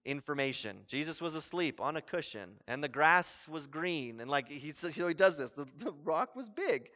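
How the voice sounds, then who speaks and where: Bright-voiced man preaching a casual sermon. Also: fairly high pitch, big pitch swings, normal speed, dull audio. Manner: conversational, grows emphatic and loud when stressing points. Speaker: pastor.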